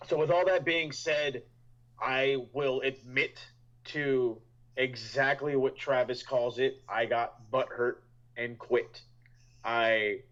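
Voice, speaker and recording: A man being interviewed as a podcast guest, speaking frankly and haltingly about himself. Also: mid-range voice, fairly bright tone, dull audio.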